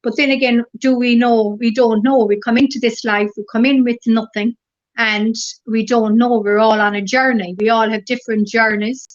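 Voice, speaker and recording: A middle-aged woman with an Irish accent, a guest in a casual interview, telling stories gently and rambling through lots of fillers. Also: on the high side, steady tone, moderate pace. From Ireland. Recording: dull lo-fi recording.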